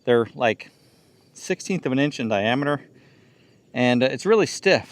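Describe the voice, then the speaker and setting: A DIY channel host hosts his own home-repair video in casual how-to narration, explaining each step plainly and thinking aloud as he works. His mid-range voice is animated and moderately paced.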